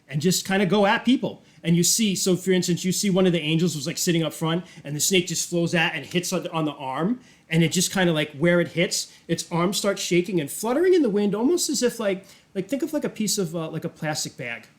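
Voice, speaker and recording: A man's voice: high-pitched, animated, a little fast, few pauses. A man narrating as game master in a tabletop role-playing game, casual with lots of fillers. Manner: casual, rambling, many fillers.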